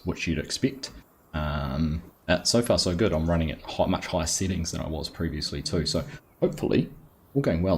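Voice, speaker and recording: An Australian man with a low voice hosts a relaxed live gaming stream, greeting his viewers one by one. His talk is chatty and easygoing, full of ums. A faint hiss of noise sits behind him. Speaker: livestream host.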